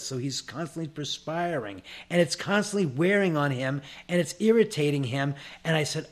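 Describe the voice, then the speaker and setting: A man's voice: fairly high pitch, expressive, normal speed, few pauses. A man telling a casual, profane anecdote with lots of animation. He restarts and repeats himself often. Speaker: storyteller.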